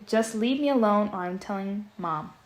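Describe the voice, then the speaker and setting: A woman's voice: mid-range voice, moderate pace, slight background noise, natural voice. Lady reading a scared little kid brother, whiny and nervous, storybook. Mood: whining. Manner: whining, nervous.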